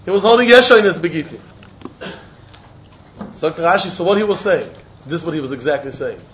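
Animated man teaching Talmud. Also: on the high side, brisk. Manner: animated, acts out quotes, mixes in Yiddish and Hebrew terms. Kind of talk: Talmud lesson. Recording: dull lo-fi recording.

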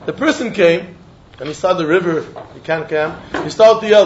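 Male Talmud teacher, high and very expressive voice, animated. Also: moderate pace, a little hiss or hum. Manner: animated, acts out quotes, mixes in Yiddish and Hebrew terms. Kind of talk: Talmud lesson. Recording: dull lo-fi recording.

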